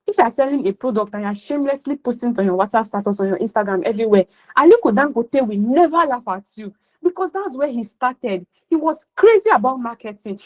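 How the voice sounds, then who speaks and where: A woman's voice: a little high, poor audio. A Nigerian woman coaching a class over a video call, speaking bluntly and repeating her key points for emphasis. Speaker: career coach teaching a class. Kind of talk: motivational class talk on a call.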